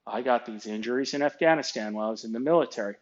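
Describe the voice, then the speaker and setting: A man's voice: mid-range voice, very fast. Middle-aged man, blunt and sarcastic, casual rant, dull lo-fi audio. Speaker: storyteller ranting about his job. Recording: dull lo-fi recording.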